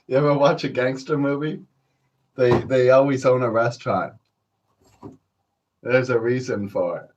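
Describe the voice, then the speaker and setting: A man's voice: medium pitch, fairly even intonation, unhurried, pauses often, darkish tone, lo-fi sound, a little hiss or hum. A man hosting a podcast, rambling through stories in a profane, laid-back way and chuckling as he calls his listeners folks. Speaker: podcast host. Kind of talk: rambling solo storytelling.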